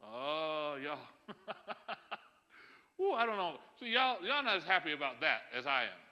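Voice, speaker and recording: A man's voice: fairly high pitch, sing-song, takes it slowly, lo-fi sound. A man pastor preaching a sermon to his congregation, emphatic, with chuckles and asides to the listeners. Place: church sanctuary. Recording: long church hall reverb.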